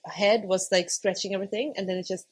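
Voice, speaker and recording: A woman in her thirties with a mid-range, slightly breathy voice talks fast as a podcast guest, sharing a personal story conversationally. She laughs often and acts out her own past words with animation. The recording quality is low.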